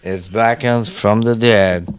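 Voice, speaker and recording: A man's voice: on the low side, fairly even intonation, takes it slowly, clear, resonant tone. A man in casual chat, swearing freely and teasing his friend. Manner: profane, teasing banter. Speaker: co-host.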